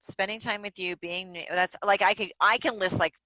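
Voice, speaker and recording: A woman guest on a podcast, telling stories in a candid, animated way and swearing freely. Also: mid-range voice, moderate pace, dry recording, rough recording. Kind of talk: casual interview chat. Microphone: home recording setup.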